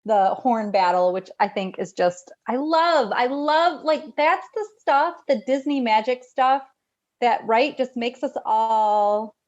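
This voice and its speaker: Enthusiastic woman podcast host, slightly high. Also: animated, takes it slowly, dull audio. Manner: enthusiastic, gushing. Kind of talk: casual podcast chat.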